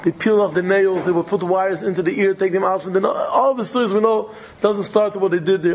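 A man's voice: high-pitched, fairly even intonation, quick pace, few pauses, slightly rough, low-quality recording. A man delivering an impassioned storytelling sermon, repeating phrases for dramatic weight. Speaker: preacher.

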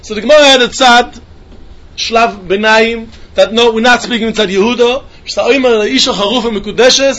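A man giving a yeshiva-style Talmud lecture in a quick sing-song study chant. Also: very high-pitched, steady tone, a bit bright. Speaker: Talmud teacher.

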